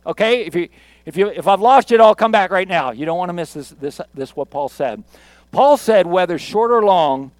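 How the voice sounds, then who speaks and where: A man's voice: high voice, darkish tone, dry recording. A man preaching a sermon as pastor, talking in a conversational, jokey way with emphatic repeats.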